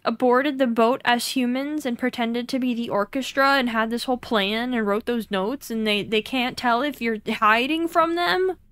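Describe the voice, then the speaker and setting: A woman's voice: a little high, smooth, no room sound. A young woman streaming a horror game, chatting playfully and breaking into mock-dramatic outbursts.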